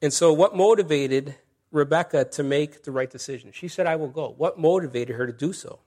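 A man's voice: a little high, brisk, warm tone. A middle-aged male pastor preaching a sermon in a conversational way, with asides and scripture reading.

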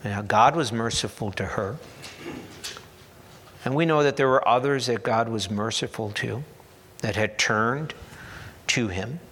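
A man delivers a sermon from the pulpit, unhurried and deliberate in his phrasing. His voice sits at an ordinary middle pitch, earnest but ready with a wry aside. The sound rings out with the long reverb of a large church hall. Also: a bit bright, a little hiss or hum. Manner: slow, earnest preaching with dry humorous asides. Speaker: pastor.

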